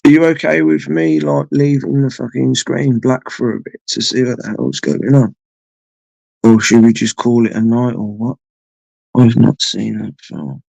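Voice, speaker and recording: A man's voice: medium pitch, fairly even intonation, unhurried, creaky, warm tone, no room sound, poor audio. A man hosting a late-night live stream from home, chatting to viewers in a rambling, sweary way. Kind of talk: casual chat with viewers.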